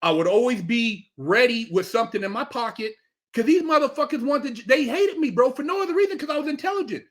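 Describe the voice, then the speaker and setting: A middle-aged man telling stories as a podcast guest, animated and emphatic, swearing a lot and acting out quotes. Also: very high voice, brisk. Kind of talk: casual chat, storytelling.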